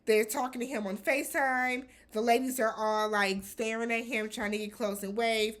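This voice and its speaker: A woman hosting a casual reality TV recap, talking in a blunt, animated way with some swearing. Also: fairly high pitch, moderate pace.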